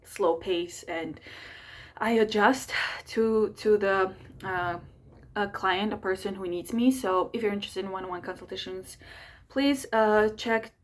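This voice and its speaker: A young woman astrologer and channel host, talking fast and energetically in a chatty monthly horoscope video, with many fillers. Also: mid-range voice. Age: young adult. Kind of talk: fast casual monthly horoscope talk to camera.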